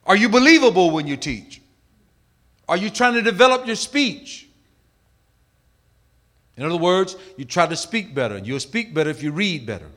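A middle-aged male pastor preaching a sermon, emphatic, swinging from loud calls to hushed asides. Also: sits high, big pitch swings, moderate pace, long pauses.

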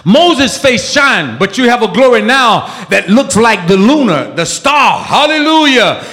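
A man preaching a sermon with fervor, shouting, peppering his lines with "uh" and exclamations of praise. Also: very high voice, very animated, measured pace. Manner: fervent, shouting, with frequent "uh" and "woo, Jesus" exclamations. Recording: echoey hall.

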